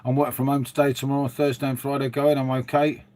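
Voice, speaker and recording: Middle-aged bloke, casual stream host, chatty and rambling, keeps saying mate. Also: male voice, medium pitch, level tone, quick pace, warm tone. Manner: chatty, rambling, says "mate" a lot, reads and answers viewers. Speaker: livestream host. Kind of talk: casual live-stream chat. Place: dim room at home.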